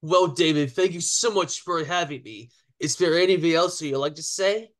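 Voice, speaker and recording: A man hosting a podcast from his room, asking brief questions in a soft-spoken way. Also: fairly high pitch, moderate pace. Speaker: podcast host. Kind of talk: interview questions.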